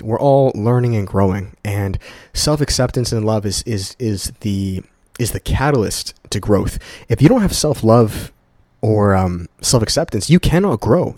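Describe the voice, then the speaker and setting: A young man talks straight to his listeners in a casual solo podcast from his home. He swears and is earnest, and he repeats words to drive his point home. His voice sits fairly low, with a dry, close sound and no room echo. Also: warm tone. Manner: speaks straight to listeners as "guys". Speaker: podcast host. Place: at home in a condo.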